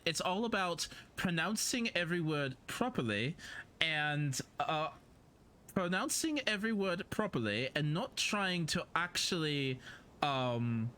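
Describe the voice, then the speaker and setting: A woman's voice: fairly low pitch, fairly bright tone. A young woman from England with a southern English accent, chatting casually while live-streaming a game, giggly and self-deprecating.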